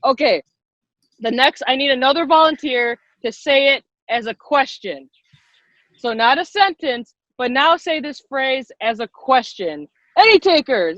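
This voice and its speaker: A woman leading an online public speaking workshop on a video call, lively and quick-talking, encouraging the participants. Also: high voice, dry recording. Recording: dull lo-fi video call audio.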